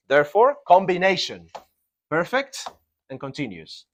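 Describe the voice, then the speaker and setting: A man's voice: a little high, big pitch swings, a little slow. A man teaching a grammar lesson to a class in a classroom. He stresses and repeats key words and keeps checking in with the students. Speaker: English teacher.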